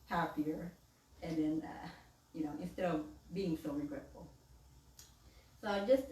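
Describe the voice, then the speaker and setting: A woman's voice: fairly high pitch, darkish tone, reverberant, far from the mic, rough recording. A woman minister giving a casual sermon, chatty, laughing often and acting out the voices she quotes.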